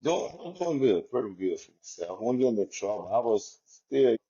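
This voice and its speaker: Deep husky guy talking real candid about his past, lots of you know and like, kinda muffled recording. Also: very animated, fairly quick, mellow. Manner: reflective, loose, full of "you know" and "like". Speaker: former inmate guest. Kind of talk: candid personal storytelling.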